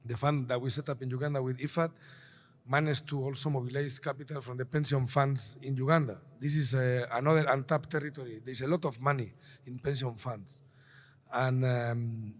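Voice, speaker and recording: Male panelist; speaks in halting, restart-heavy phrases at an ordinary pitch. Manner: halting, many restarts and fillers. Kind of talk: conference panel remarks.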